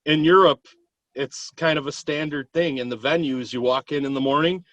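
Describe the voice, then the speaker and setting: A man, a podcast guest, chatting in a relaxed, jokey way. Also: on the high side, moderate pace, dry recording, lo-fi sound. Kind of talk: casual podcast chat.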